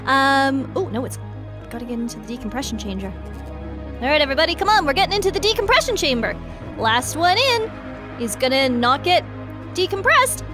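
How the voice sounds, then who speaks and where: A woman commentates her game with a high, very lively voice that leaps up and down constantly. She is bubbly and excitable, playing to viewers as the host of the channel. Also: brisk, over music. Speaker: gaming video host.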